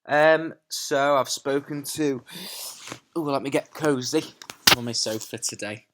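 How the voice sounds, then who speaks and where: A man's voice: medium pitch, a little slow, very noisy. Chatty teacher on his sofa. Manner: chatty, laughs often, self-mocking. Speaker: teacher reading to pupils. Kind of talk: casual chat then storybook read-aloud. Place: home living room, on a sofa. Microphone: camera in front of him.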